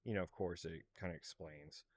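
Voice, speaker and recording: A man's voice: sits low, fairly quick, slightly rough. A man co-hosting a podcast, chatting casually and joking around, now and then mocking accents. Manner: joking, animated, puts on mock British voices. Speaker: podcast co-host. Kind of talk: casual chat.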